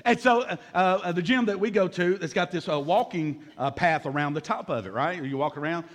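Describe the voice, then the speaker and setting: A man in his fifties, a pastor preaching a sermon in a lively, joking way, acting out little scenes and calling for amens. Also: high-pitched, brisk. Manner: lively and joking, acts out voices, calls for amens from the congregation.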